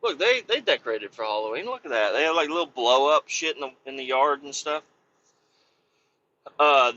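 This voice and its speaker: A man's voice: fairly high pitch, bright, forceful tone, dry recording, dull audio. A man rambling casually about family life, swearing freely and joking at his own expense, full of fillers. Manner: profane, rambling, self-mocking with many fillers. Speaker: podcast host and family man.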